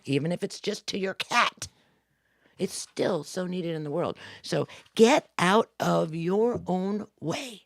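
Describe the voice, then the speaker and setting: Casting: expressive woman with a gravelly edge, motivational co-host, dry close sound. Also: lowish voice, slow pace, no echo. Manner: animated, acts out inner voices, drops to hushed intensity. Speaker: co-host, spiritual coach. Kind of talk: spontaneous motivational talk.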